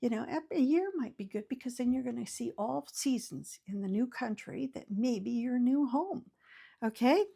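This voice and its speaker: Chatty older woman with a gravelly voice. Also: a little high, expressive, moderate pace, warm tone. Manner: chatty, folksy, many fillers and restarts. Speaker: channel host. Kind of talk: casual advice talk to camera.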